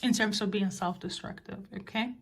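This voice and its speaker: A woman doing a tarot-style card reading for her viewers, at an ordinary middle pitch. She muses softly and loosely, with fillers and gentle little check-ins. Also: moderate pace, slight background noise. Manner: soft, musing, with fillers and gentle reassurances. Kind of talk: casual spoken oracle reading.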